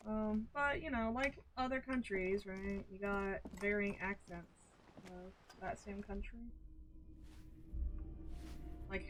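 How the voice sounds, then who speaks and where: A woman from the southern United States streaming a game, chatting casually in a rambling way and laughing often. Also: mid-range voice.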